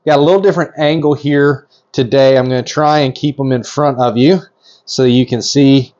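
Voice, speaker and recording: A man with a mid-pitched voice talks through his work in a loose, excitable way, full of ums and restarts. The sound is a little dull and lo-fi, picked up by a camera mic at working distance. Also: moderate pace. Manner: excited, chatty, lots of fillers and restarts. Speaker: reptile breeder. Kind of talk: casual narration while working.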